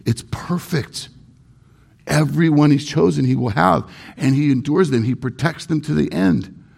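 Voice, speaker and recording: A man's voice: on the high side, measured pace, vocal fry, darkish tone, husky. A male pastor preaching a sermon in an earnest, emphatic way, stressing points through repetition.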